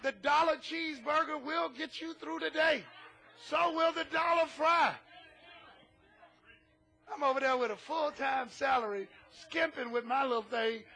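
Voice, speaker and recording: Very high-pitched gravelly preaching man. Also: unhurried. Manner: animated preaching, often shouting; humorous asides. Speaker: pastor. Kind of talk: sermon.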